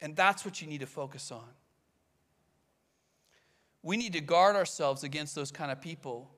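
A man preaching a sermon as pastor, animated and acting out quoted voices. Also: on the high side, normal speed.

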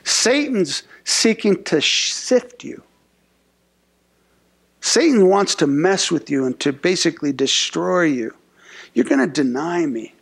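A man's voice: fairly high pitch, big pitch swings, takes it slowly, vocal fry, slightly rough. A male pastor giving a conversational sermon who acts out short voices and often repeats words as he talks.

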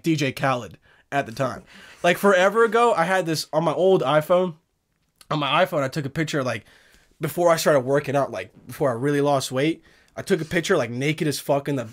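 A young man hosting a podcast, telling stories in a loose, animated way, swearing and laughing often. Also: fairly high pitch. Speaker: podcast host. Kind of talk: casual chat.

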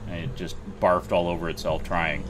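A man's voice: low voice, level tone, moderate pace, noisy background. A man hosting a casual livestream chat, swearing freely and exasperated with technical trouble. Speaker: livestream host.

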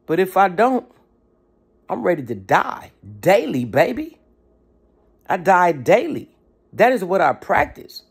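Gravelly, preachy motivational talker. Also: medium pitch, big pitch swings, slow, long pauses. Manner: preachy, emphatic, casual slang. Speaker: motivational speaker. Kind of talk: motivational talk.

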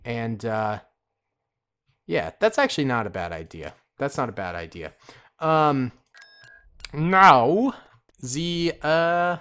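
A man giving casual, excitable, slangy commentary while playing a strategy game, talking to himself and his viewers. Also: mid-range voice. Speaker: gaming commentator. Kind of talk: casual let's-play commentary.

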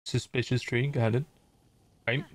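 A man's voice: mid-range voice, flat delivery, a little slow, no room sound. A young man casually commenting on his gameplay as a streamer, chatting and joking with viewers. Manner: chatty, jokey, reads chat aloud.

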